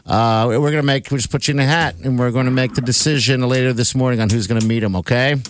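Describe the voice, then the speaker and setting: A man hosting a morning radio show, running listener calls at a brisk pace. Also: mid-range voice, steady tone, slight background noise.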